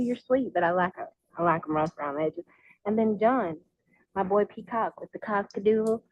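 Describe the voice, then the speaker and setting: A woman's voice: lowish voice, dry recording. A woman co-hosting a podcast with playful, flirty banter and sing-song nonsense rhymes. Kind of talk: comic rhyming banter. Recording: dull dry recording.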